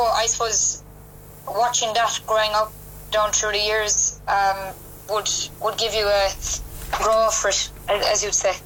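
Cork irish woman on a phone line, soft and hesitant, pretty monotone, bit of hiss. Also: medium pitch. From West Cork, Ireland. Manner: soft-spoken, hesitant with many ums. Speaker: country singer, guest. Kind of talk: phone interview. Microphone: telephone. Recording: phone line with faint noise.

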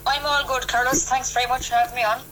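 A woman with a Cork Irish accent, a country singer, speaking on a phone interview in a soft, hesitant way with many pauses. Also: fairly high pitch, flat delivery. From West Cork, Ireland. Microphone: telephone. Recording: phone line with faint noise.

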